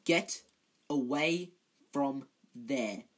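Reader doing a bossy prefect boy, loud and outraged, husky edge. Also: medium pitch, drawn-out words. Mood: indignant. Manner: loud and indignant.

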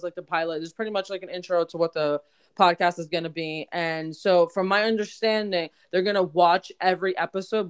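A woman's voice: fairly low pitch, clean tone. A young adult woman co-hosting a podcast, chatting casually and gushing, with casual swearing. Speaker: podcast co-host. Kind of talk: casual chat.

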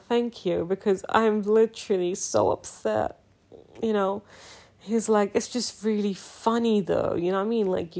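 A young woman hosting her own podcast, talking in an emphatic, exasperated and casual way, often breaking into laughs. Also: mid-range voice. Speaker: podcast host.

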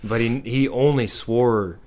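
A man's voice: mid-range voice, slow pace, darkish tone. A man in his thirties in casual podcast chat, blunt and venting, swearing freely.

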